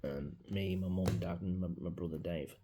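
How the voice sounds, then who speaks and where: A man, talking casually and reflectively into his phone in a personal vlog, his voice often dropping to a soft mutter. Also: deep voice, steady tone, normal speed, background noise. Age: 40s. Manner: rambling, reflective, grieving, drops into soft mutters. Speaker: vlogger. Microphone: mobile phone.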